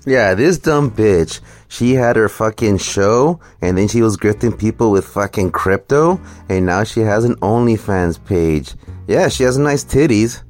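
Crude ranting man, lively pitch. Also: a little slow, soft background music. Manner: crude, profane, mocking. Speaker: commentary host. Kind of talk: ranting reaction commentary.

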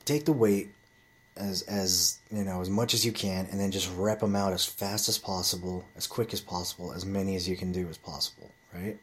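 Casting: deep-voiced man, casual vlogger, swears freely, loose rambling delivery. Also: steady tone, moderate pace. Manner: rambling storytelling with heavy swearing. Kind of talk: casual monologue to camera.

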